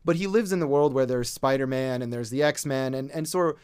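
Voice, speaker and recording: A man's voice: mid-range voice, brisk, a little mellow, smooth, no room sound. Male co-host reviewing movies, wry and rambling, dry close sound. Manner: wry, rambling, many fillers. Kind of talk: casual movie review chat.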